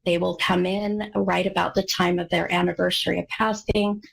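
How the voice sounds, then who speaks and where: A woman's voice: lowish voice, little pitch movement, normal speed, vocal fry, breathy edge, poor audio. An American woman hosting a live call-in psychic radio show, talking in an effusive, gushing way with many fillers. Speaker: radio psychic medium host.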